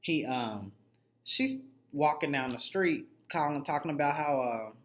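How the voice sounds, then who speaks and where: A man's voice: on the high side, unhurried. A man recaps a reality show episode in a loose, foul-mouthed way. He is blunt and gossipy and keeps acting out the lines of the people he talks about. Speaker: TV recap reviewer. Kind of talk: casual, profanity-heavy reality show recap.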